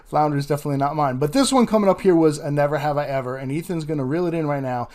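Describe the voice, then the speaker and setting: A man's voice: a little high, racing, a little mellow. Chatty, laughing man narrating a beach vlog. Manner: chatty, laughs often, talks to viewers directly. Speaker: fishing vlogger. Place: outdoors on a beach by the surf.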